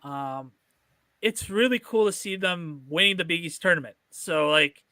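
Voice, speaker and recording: A man's voice: a little high, lively intonation, normal speed, bright, forceful tone, no room sound. A man with a North Jersey accent, co-hosting a sports podcast in rambling casual chat full of fillers.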